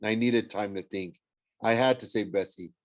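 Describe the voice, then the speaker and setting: Man reading an audiobook, low-ish, dry close mic, trips over words sometimes. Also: moderate pace, no room sound. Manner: stumbles and self-corrects. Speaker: audiobook reader. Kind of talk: first-person audiobook narration.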